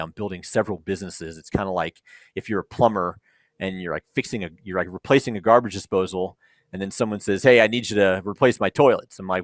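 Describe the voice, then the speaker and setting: A man with a slightly low voice recounts how he built a company, chatting informally with ums and restarts. He acts out phone calls and conversations with lively shifts. The sound is dry and close. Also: no room sound. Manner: animated storyteller acting out dialogue, frequent ums. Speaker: startup founder, panel speaker. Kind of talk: conversational keynote storytelling.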